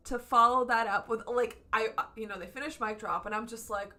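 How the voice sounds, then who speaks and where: A woman's voice: fairly high pitch, fairly even intonation, a little fast, hardly any pauses, pushed and bright, faint music behind. A woman streaming from home, reviewing a concert in a casual, gushing way and swearing freely. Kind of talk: casual excited review chat. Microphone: camera setup at home.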